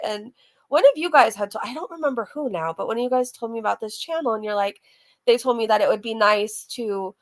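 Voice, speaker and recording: A woman hosting a casual reaction channel, chatting to her viewers and laughing often. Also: mid-range voice.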